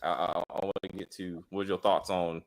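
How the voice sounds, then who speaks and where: A man hosting a casual show review, animated and joking, with faint music behind. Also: low voice, normal speed. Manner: animated, joking, lots of uh fillers. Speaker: host.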